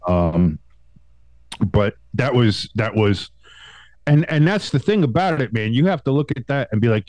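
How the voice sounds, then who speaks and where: Male podcast co-host with a cold, rambling and animated, dry close-mic sound. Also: medium pitch, a little slow, dry recording. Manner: rambling, animated, swears, many restarts. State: getting over a cold. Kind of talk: casual sports chat.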